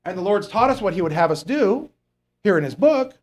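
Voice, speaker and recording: A man's voice: high voice, big pitch swings, brisk. A man preaching a conversational sermon, rambling and joking as he reads the Bible, sometimes losing his place and stressing key points. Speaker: pastor.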